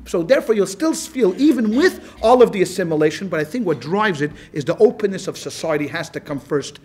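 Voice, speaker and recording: A male rabbi giving a lecture to a class in a lively, conversational way, with frequent restarts. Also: high voice, fairly quick, hardly any pauses, slightly rough. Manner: animated and conversational, with many restarts. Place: class with a live audience.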